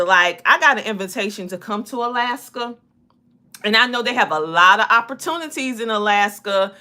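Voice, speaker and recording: Bright-voiced Southern woman chatting. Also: mid-range voice, moderate pace. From South Carolina. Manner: lively, chatty, greets viewers by name. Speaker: live stream host. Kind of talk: casual live-stream chat.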